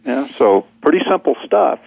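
A man's voice: medium pitch, sing-song, fairly quick, creaky, darkish tone, slightly rough, no room sound, highs cut off. A man, a seminar speaker, telling a long story in conversation, rambling with many fillers and repeated words.

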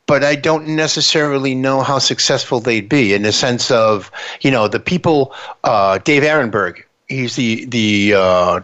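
A man's voice: medium pitch, unhurried, few pauses, fairly bright tone, highs cut off. A man hosting a radio talk show, chatting casually and often restarting his sentences. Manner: conversational, trailing off and restarting.

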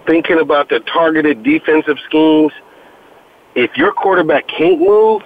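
A man's voice: on the high side, wildly swooping pitch, unhurried, creaky. A man co-hosting a casual sports talk show, joking with punchy one-liners and laughing at his own quips. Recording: phone-like lo-fi audio.

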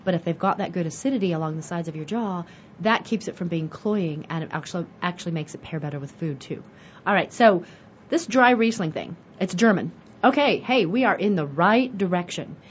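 Chatty American woman with a lower voice. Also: a little fast, breathy edge. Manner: chatty, animated, asks and answers her own questions. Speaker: wine show host. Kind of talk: casual teaching monologue. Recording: dull lo-fi audio with faint hiss.

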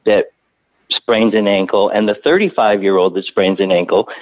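A man who works as a hospice doctor, calmly explaining things in a conversation. He often repeats words while he gathers his thoughts. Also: fairly low pitch, normal speed, dry recording. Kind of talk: casual interview conversation. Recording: tinny phone-line audio.

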